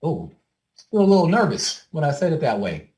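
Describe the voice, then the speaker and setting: A man's voice: on the high side, sing-song, quick pace, darkish tone. A man giving a motivational talk to a group, addressing them directly in a casual, conversational way with the odd "um". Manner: conversational, addresses the audience directly, frequent "um" and repeats. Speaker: workshop speaker.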